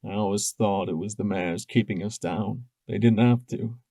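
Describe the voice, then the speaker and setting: A man voicing a guilt-ridden young stallion pony who speaks quietly through sobs. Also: fairly low pitch, normal speed, dry recording. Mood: broken grief. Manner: quiet, whispering, sobbing.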